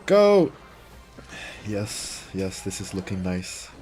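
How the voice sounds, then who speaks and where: A man's voice: fairly low pitch, lively intonation, moderate pace, over music. A young man livestreaming a mobile game, chatting casually, reading chat and reacting to plays.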